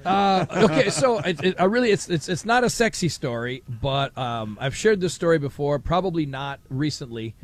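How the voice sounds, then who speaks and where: Middle-aged male talk radio host, fairly high and very lively voice, animated storyteller. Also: moderate pace, hardly any pauses. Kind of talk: live radio talk at a fair. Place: outdoor fair broadcast booth.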